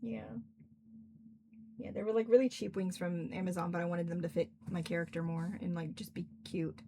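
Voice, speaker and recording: Against a noisy background, this young woman talks at a moderate pace in a lowish voice that barely moves in pitch. An author in cosplay streaming from home, she fields questions in a casual Q&A, rambling chattily and using "like" a lot.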